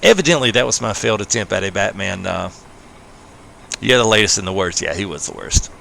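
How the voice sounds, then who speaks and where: A man's voice: fairly low pitch, animated, fairly quick, creaky, a bit bright, a little hiss or hum. A man streaming a farming game live late at night, chatting casually with viewers, laughing often and tacking "man" onto his phrases. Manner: laid-back, laughs often, says "man" after many phrases. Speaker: gaming livestreamer. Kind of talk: casual livestream commentary.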